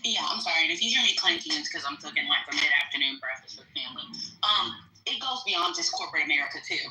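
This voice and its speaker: A woman's voice: low-pitched, expressive, fast, sharp tone, reverberant, rough recording. A woman telling her own stories in a blunt, chatty way, talking while she cooks at home. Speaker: guest speaker, military veteran. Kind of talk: casual storytelling on a live stream.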